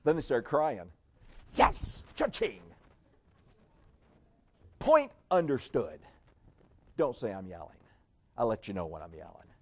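A man preaching a sermon in an emphatic, sarcastic way, dropping to a hush and then rising again. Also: mid-range voice. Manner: emphatic, sarcastic, swings between loud and hushed.

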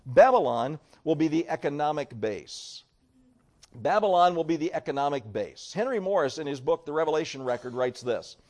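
Emphatic male pastor preaching a sermon. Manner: preaching with wide swings in pitch and loudness, reading scripture aloud.

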